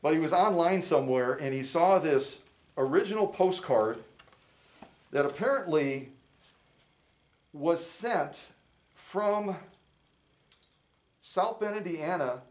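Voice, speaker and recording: A man's voice: fairly high pitch, expressive, takes it slowly, long pauses, a little mellow. A middle-aged man hosting a fundraiser livestream, chatty and folksy, rambling through trivia in a casual way. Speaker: fundraiser host.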